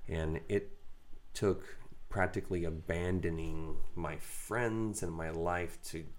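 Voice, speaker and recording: A man's voice: low voice, slow pace. A man co-hosting a faith podcast, telling a candid, self-deprecating personal story in casual conversation. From raised in a Mennonite Brethren community. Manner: candid, self-deprecating, animated when quoting others. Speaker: podcast co-host.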